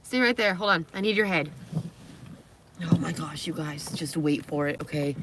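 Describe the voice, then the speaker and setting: A woman's voice: medium pitch, expressive, fairly quick, pushed and bright, a little hiss or hum. A woman live streaming, chatting casually and talking to her dogs, with squeamish outbursts.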